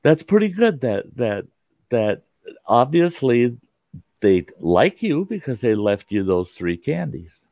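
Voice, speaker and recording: A man voicing a kindly, playful older grandmother in a told story, in a gentle, matter-of-fact way. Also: mid-range voice, big pitch swings, takes it slowly, no room sound. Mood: teasing. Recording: dull, lo-fi sound.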